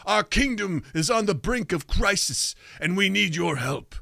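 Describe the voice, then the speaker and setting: A man's voice: sits high, animated, unhurried, vocal fry, pushed and bright, dry recording, clean studio sound, pitched above the performer's own voice, heavily acted. A man voicing a pompous, indignant old male minister in a comedic anime dub parody, speaking in a huffy, bossy way. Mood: pleading.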